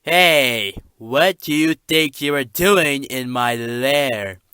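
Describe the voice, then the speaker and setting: A young man voicing a loud, boastful male dragon who owns a lair and a channel, shouty and quick to anger, in a comedy skit. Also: mid-range voice, animated, smooth, no room sound, clean studio sound, pitched above the performer's own voice. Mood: bellowing.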